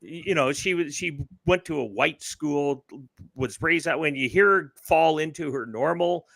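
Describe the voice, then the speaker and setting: A man co-hosting a casual political chat, talking in an animated, indignant way and laughing often. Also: on the high side, normal speed, vocal fry, dry recording. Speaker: co-host.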